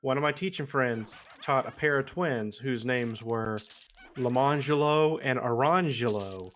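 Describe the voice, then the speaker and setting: A man livestreaming an online game, chatting casually with a friend, relaxed and chuckling as he muses over how words are pronounced. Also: mid-range voice, takes it slowly, slight background noise. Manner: laid-back, chuckling, muses on word pronunciation. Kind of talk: casual chat while gaming.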